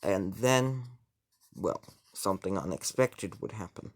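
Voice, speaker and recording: Man, low voice, slow pace, improvised casual story narration, rambling with restarts. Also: lively intonation. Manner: rambling, with frequent restarts and self-corrections.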